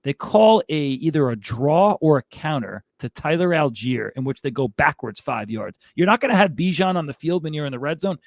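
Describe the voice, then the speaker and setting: A man's voice: fairly high pitch, big pitch swings, normal speed, hardly any pauses, no room sound, clean studio sound. A man hosting a fantasy football show, ranting in an exasperated, casual way. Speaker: fantasy football podcast host. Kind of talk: casual sports commentary.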